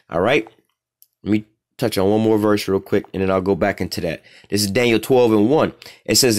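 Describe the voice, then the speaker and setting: A man's voice: on the low side, a little fast. A man teaching scripture in a loose street style, profane and rambling, constantly checking in with "all right?".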